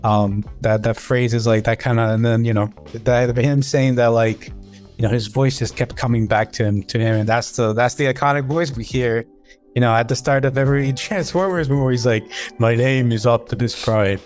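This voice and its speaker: A man's voice: medium pitch, fairly even intonation, normal speed, a little mellow, faint music behind. A man on a podcast, telling a story loosely with many fillers and restarts. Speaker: podcast guest. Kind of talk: casual podcast chat.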